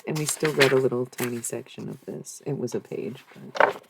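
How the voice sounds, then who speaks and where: A streamer talking to chat in a loose, rambling way, with swearing thrown in. The voice sits at a middle pitch with a gravelly, fried edge. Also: normal speed, heavy background noise. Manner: rambling, profane, talks back to chat. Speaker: live streamer. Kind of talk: casual live-stream chat.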